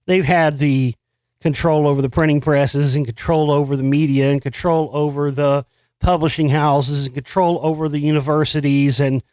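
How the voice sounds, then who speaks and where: A man's voice: fairly high pitch, little pitch movement, normal speed, a little mellow, dry recording. A man hosting a show, casually riffing on news stories in a profane, rambling and sarcastic way. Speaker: host. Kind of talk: casual monologue commenting on news.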